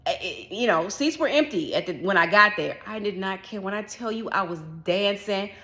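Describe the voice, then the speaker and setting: A woman vlogger chatting casually about a solo trip, telling the story with lively acted-out reactions. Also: mid-range voice, normal speed. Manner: animated storytelling, acts out her own past reactions. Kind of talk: casual chat.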